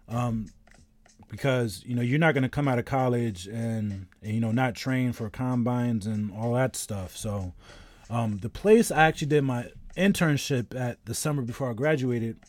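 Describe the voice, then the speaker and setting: A man's voice: mid-range voice, a little mellow, no echo. A man around thirty, a game streamer in casual live-stream chat, telling a rambling story while greeting viewers.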